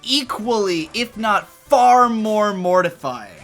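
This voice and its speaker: A man's voice: sits high, takes it slowly, fairly bright tone, soft background music. A man co-hosting a casual chat, putting in dry questions and quips. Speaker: co-host.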